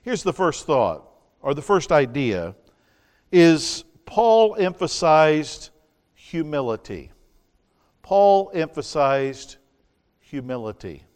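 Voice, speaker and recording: A man preaching an evening sermon, reading scripture slowly and asking the congregation rhetorical questions. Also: fairly high pitch, sing-song, darkish tone, clean tone, big-room sound.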